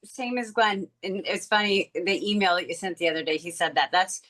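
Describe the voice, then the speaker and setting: Bright-voiced woman sharing candidly. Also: lowish voice, brisk. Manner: emotional, earnest, confiding. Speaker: real estate agent. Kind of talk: candid sharing on a group call.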